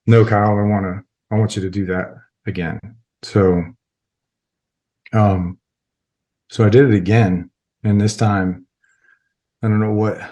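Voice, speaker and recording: A man's voice: on the low side, a little mellow. A middle-aged man, a military veteran, telling a personal story as a podcast guest in a rambling, casual way full of filler words.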